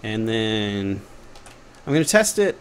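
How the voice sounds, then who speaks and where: A young game developer from Texas, with a Texan accent, runs a casual live-stream tutorial, chatty and full of jokes while muttering to himself as he works. His voice is lowish with big swings in pitch, he talks slowly, and there's slight background noise.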